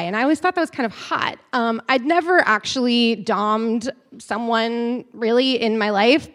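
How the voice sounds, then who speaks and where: Giggly, high-voiced woman telling a frank story. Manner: giggly, frank, chatty with many fillers. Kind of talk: candid personal storytelling.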